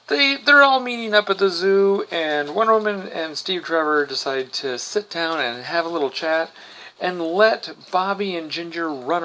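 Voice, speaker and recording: Male podcast host, sarcastic recap style, bright and crisp tone. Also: a little high. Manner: wry, sarcastic asides. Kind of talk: casual comic recap.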